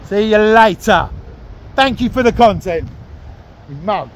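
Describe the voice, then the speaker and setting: A man filming outdoors with a handheld camera, shouting and mockingly taunting the person in front of him. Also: sits high, expressive, unhurried, slight background noise. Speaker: YouTube auditor filming. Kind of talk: confrontational street filming. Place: outdoors by an office building.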